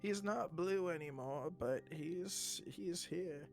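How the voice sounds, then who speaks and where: A man playing a tabletop game with a wry, deadpan manner. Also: fairly high pitch, takes it slowly, faint music behind. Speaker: player. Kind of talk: tabletop role-play chat.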